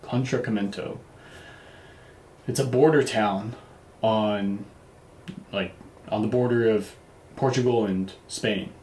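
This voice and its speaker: A man's voice: on the low side, steady tone, slow pace, pauses often, a little mellow, slight background noise. A man casually telling a travel story, loose and profane, with lots of fillers and restarts. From United States. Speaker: vlogger. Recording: roomy echo.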